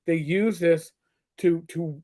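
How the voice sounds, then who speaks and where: A man's voice: fairly high pitch, fairly even intonation, slow, darkish tone. A middle-aged man, a former police officer co-hosting a livestream, telling blunt, profane stories in casual chat. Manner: blunt storyteller, swears freely.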